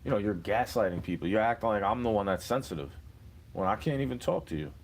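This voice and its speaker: A man's voice: fairly low pitch, lively intonation, fast. A young adult man delivering an angry, profane monologue, confronting an imagined listener. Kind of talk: ranting monologue.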